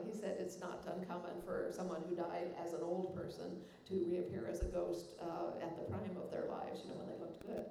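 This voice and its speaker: An older woman answers audience questions in a slightly low voice, rambling and chuckling through plenty of fillers. Her voice rings through a big echoey hall over faint background noise. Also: warm tone. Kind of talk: relaxed Q&A answers.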